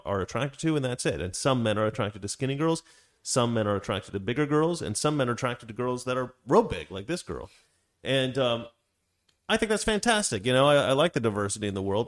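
A man co-hosting a casual livestream chat, rambling with many fillers and restarts. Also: on the low side. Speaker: livestream co-host.

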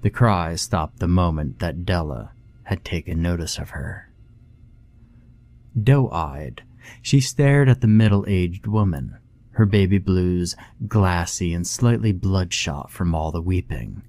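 Male horror narrator, deep, dark tone, expressive rise and fall. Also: dry recording. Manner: slow and measured, dramatic. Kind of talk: scripted horror story narration.

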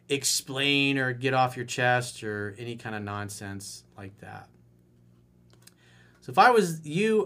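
With a mid-range, slightly bright voice, a man coaches viewers on dating in a video monologue. His style is playful, and he plays out little lines of dialogue in rapid asides as he explains.

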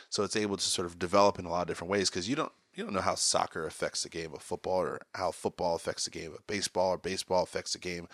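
A middle-aged man telling stories in a casual conversation, animated and excitable. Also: low-pitched, no room sound, studio quality. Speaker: guest. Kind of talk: casual podcast storytelling.

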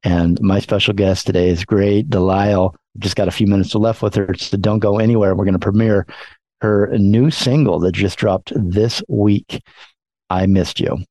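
A man hosting a show, speaking gently and admiringly to his guest and announcing a break. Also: fairly low pitch, steady tone, normal speed, no echo. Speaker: host.

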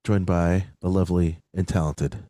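A man's voice: low-pitched, fairly even intonation, normal speed, warm tone, no room sound. A man co-hosting a podcast in casual chat, joking and teasing his co-hosts and breaking into bits of song. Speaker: podcast co-host.

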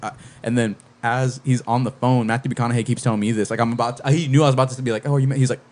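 Fast-talking profane young man. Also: medium pitch. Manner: profane, animated storyteller acting out quotes. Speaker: podcast co-host. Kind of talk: casual storytelling. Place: podcast studio.

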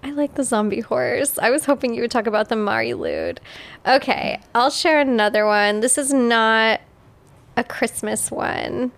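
Chatty higher-voiced woman podcaster. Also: sing-song, moderate pace. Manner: chatty, laughs often, swears casually. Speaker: podcast co-host. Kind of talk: casual chat.

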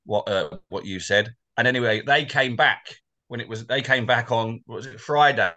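A forty-something man co-hosts a casual football podcast. His voice is bright and forward. He tells loose, rambling stories and laughs easily. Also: mid-range voice, normal speed, lo-fi sound. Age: 40s. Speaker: co-host.

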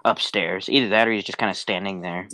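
A man's voice: sits low, steady tone, quick pace, bright, forceful tone. A man playing in a tabletop game, chatting casually with dry, teasing humor. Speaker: player.

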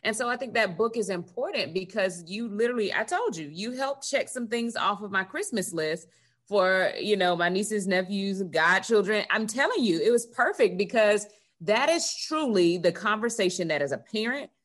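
A woman's voice: medium pitch, lively intonation, normal speed. A woman hosting a podcast as a coach, speaking earnestly and affirmingly, stacking points into lists. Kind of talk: casual interview chat.

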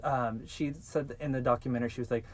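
A man hosting a podcast, telling a true-crime story in a casual, animated way and swearing freely. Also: mid-range voice, fast talker. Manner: animated, swearing, acts out quoted voices. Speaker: podcast host.

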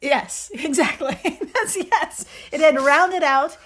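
A woman's voice: high-pitched, lively intonation, slow pace, fairly bright tone. A woman co-hosting a casual podcast, explaining things playfully and laughing often. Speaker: podcast co-host. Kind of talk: casual chat.

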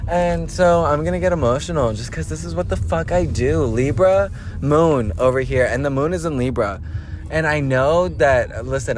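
A man co-hosting a podcast from a car, rambling and excitable in profane, casual chat. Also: mid-range voice. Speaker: podcast co-host. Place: inside a car. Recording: faint music in the background.

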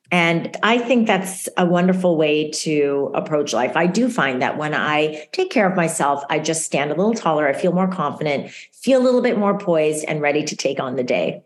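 Woman guest chatting, earnest and encouraging, voice swings up and down, slightly low. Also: normal speed, hardly any pauses. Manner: animated storyteller, quotes others vividly. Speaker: guest author. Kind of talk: casual conversation.

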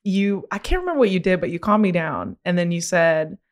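A young woman with a slightly low voice hosts a podcast and tells a personal story in open, candid conversation. She talks expressively and becomes animated as she relives the moment, leaning on "like" as she goes. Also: a little fast. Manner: animated, expressive retelling with frequent "like". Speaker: podcast host.

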